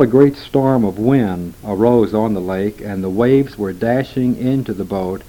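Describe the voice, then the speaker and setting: A man reading scripture aloud in a steady, measured way. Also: on the low side, dull audio. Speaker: scripture reader.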